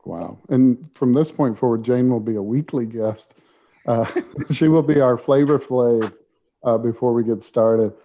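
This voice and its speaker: A man co-hosting a podcast, introducing a guest in a chatty, halting way with fillers. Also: medium pitch, mellow. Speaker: podcast co-host. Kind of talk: casual chat, introducing a guest. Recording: dull lo-fi audio.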